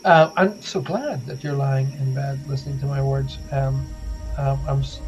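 A man's voice: mid-range voice, steady tone, normal speed, faint music behind, poor audio. A British man hosting a live late-night radio talk show, chatting in a rambling, self-deprecating way with lots of fillers. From United Kingdom.

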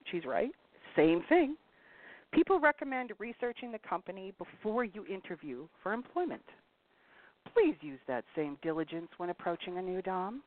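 A woman's voice: fairly low pitch, sing-song, moderate pace, no room sound. A woman hosting a casual advice talk, blunt and scolding her listeners. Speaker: talk show host. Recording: tinny phone-like dry sound.

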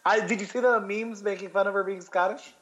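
A man's voice: sits high, fairly even intonation, brisk, fairly bright tone, lo-fi sound. A man co-hosting a casual podcast chat, rambling and swearing with lots of restarts. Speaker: podcast co-host.

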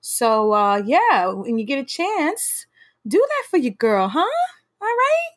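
A woman in her thirties hosting her own podcast, talking in a casual, playful, fast and slangy way. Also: a little high, sing-song, no room sound, studio quality. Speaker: podcast host. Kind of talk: casual solo podcast chat.

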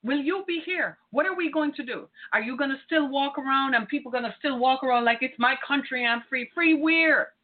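A woman's voice: sits high, brisk, few pauses. A woman podcast host giving an impassioned, preaching monologue, firing rhetorical questions at the listener. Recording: tinny phone-like sound.

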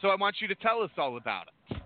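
A man's voice: high voice, very animated, rapid-fire, noisy background. A man hosting a call-in talk show, speaking emphatically and with indignation. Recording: tinny phone line.

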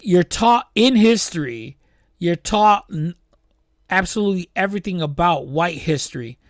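A man co-hosting a podcast, talking in an animated, incredulous way in casual group chat. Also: fairly high pitch, no room sound, studio quality. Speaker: podcast co-host.

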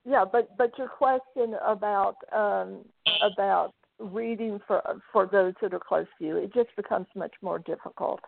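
A woman's voice: mid-range voice, normal speed, gravelly, hardly any pauses, dry recording. A woman who works as a psychic medium, telling stories in a chatty way as a guest on a talk show. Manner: chatty storyteller, quotes spirits and clients. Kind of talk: casual phone interview. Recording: tinny dry phone line.

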